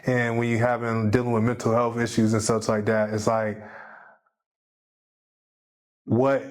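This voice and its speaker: A man speaking as a podcast guest, in a casual, rambling and heartfelt way. His voice sits at a middle pitch, and he keeps checking in with the listener as he talks. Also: flat delivery, unhurried. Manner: rambling, heartfelt, fills with "you know what I mean". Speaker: podcast guest, jiu-jitsu competitor. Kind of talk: casual conversation.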